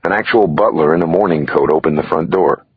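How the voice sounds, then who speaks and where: Brief: deep, husky male audiobook reader, measured and dramatic, dry lo-fi sound. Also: no echo. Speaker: audiobook narrator. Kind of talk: scripted audiobook narration.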